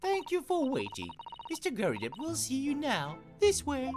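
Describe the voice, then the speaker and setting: A stiff, proper English housemaid, put on by a man in a high voice. Her voice swoops up and down, with game music behind. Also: huge pitch swings, moderate pace, exaggerated voice. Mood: prim. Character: formal English housemaid, young woman.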